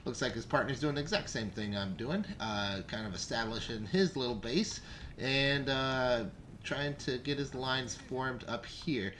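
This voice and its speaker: A young man talks through his strategy game match in a relaxed, rambling way, stopping often to correct himself. His voice sits at an ordinary middle pitch. A faint hiss runs under the recording. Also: a little slow. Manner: relaxed and rambling, with frequent fillers and self-corrections. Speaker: gameplay commentator. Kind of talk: casual game commentary.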